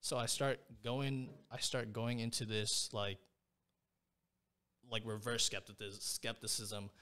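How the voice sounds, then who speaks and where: A man's voice: mid-range voice, level tone, slow pace, pushed and bright. A young man, a podcast guest, telling a personal story in a casual, rambling way, full of slang fillers. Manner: slangy, rambling, peppers speech with "bro" and "like".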